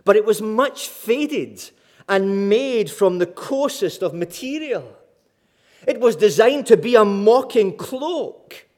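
A male preacher with a notably high voice delivers his sermon slowly and deliberately. He builds his points dramatically and leans on repeated phrases for emphasis. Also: darkish tone.

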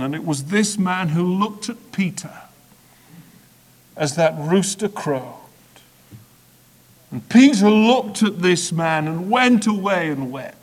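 A man preaching a sermon in a measured, repetitive build-up, swinging dramatically between hushed and loud delivery. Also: sits high, lively intonation.

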